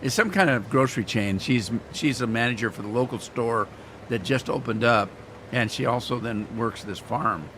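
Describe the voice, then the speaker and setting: Male gaming streamer, folksy and rambling, scratchy throat he keeps clearing, casual live chat. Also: mid-range voice, moderate pace, a bit bright. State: throat irritated, clearing throat often. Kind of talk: casual chat to live viewers while playing.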